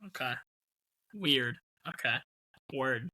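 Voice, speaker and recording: A man co-hosting a podcast, hesitant, with lots of ums and throat clearing. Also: mid-range voice, lively intonation, slow, sharp tone. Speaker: podcast co-host. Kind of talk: casual chat.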